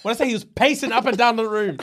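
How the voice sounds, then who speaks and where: A man's voice: very high-pitched, quick pace, a little hiss or hum. A man, co-hosting a podcast, casually retelling a reality show with lots of slang and acted-out quotes. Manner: animated storyteller, acts out quotes, heavy slang. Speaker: podcast co-host.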